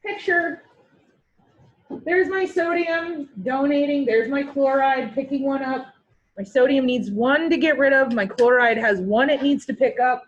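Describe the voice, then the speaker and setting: A woman's voice: high voice, a little slow, highs cut off. A woman with a Canadian accent, teaching a class in a chatty, joking and encouraging way. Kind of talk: online class lecture.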